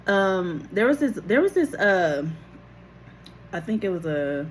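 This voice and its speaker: A woman recording herself on her phone, telling a personal story in a casual, animated way, laughing often and acting out what people said. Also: mid-range voice, measured pace, a little hiss or hum. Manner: animated, laughing, acts out quotes, casual swearing. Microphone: phone camera.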